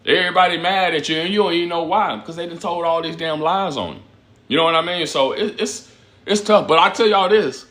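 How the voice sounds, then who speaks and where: A man's voice: fairly high pitch, bright, forceful tone. A man hosting a live stream, reading chat comments aloud in blunt, profane casual talk and repeating himself a lot.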